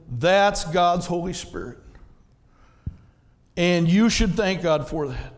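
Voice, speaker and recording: High, lively pastor preaching. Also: male voice, slow pace, big-room sound. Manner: conversational preaching with rhetorical questions. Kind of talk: sermon.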